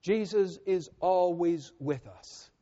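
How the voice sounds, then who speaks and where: A man preaching a sermon as pastor, earnest and measured, often letting his voice sink softly at the ends of phrases. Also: high-pitched. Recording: muffled with long reverb.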